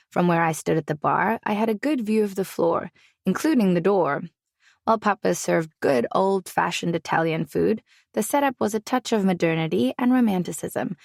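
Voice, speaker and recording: A woman narrating a romance audiobook in first person, wry and expressive. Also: on the low side, no room sound, studio quality.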